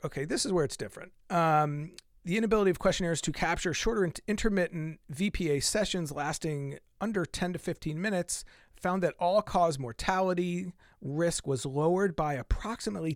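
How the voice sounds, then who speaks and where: Lively man hosting a fitness podcast. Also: on the high side, no echo, studio quality. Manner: animated, repeats and stresses key lines. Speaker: podcast host. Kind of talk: casual explainer reading from a study.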